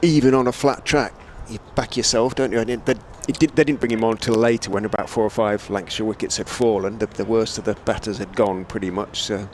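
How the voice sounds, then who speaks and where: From a commentary spot on a stadium hotel roof, a man with a lowish voice calls cricket ball by ball in radio style, measured and chatty, his delivery lifting to excited calls on the big shots. Slight background noise can be heard.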